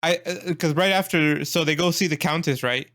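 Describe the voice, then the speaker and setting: Slightly high-voiced man recapping a plot. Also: moderate pace, a bit bright. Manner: brief agreeing replies, recaps plot step by step. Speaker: podcast co-host. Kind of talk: casual movie review chat.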